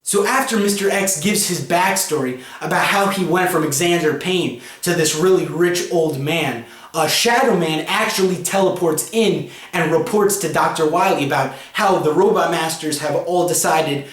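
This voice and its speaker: Guy rambling thru a comic review, kinda high voice, echoey room. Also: moderate pace, fairly bright tone. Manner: chatty, many fillers and 'you know'. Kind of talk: casual spoken review. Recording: roomy echo.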